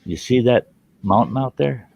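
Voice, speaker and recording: A man's voice: medium pitch, normal speed, gravelly, a little mellow, husky, no echo, voice pushed up. A man voicing a boastful, stubborn trapper in a told joke.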